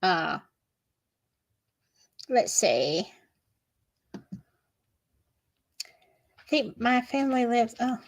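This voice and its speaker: Southern woman streamer, slightly high voice, slow chatty storytelling. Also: sing-song. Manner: chatty, gossipy, reads chat aloud. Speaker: livestream host. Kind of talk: casual livestream chat.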